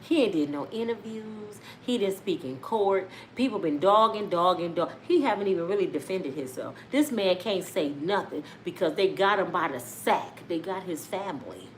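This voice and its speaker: A woman giving casual, profane celebrity gossip commentary in a loud, animated way. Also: on the low side, moderate pace, hardly any pauses, slight background noise. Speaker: vlogger.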